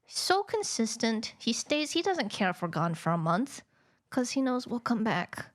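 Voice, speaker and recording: A woman co-hosting a casual podcast, chatty and joking with quick asides. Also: on the high side, very animated. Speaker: podcast co-host.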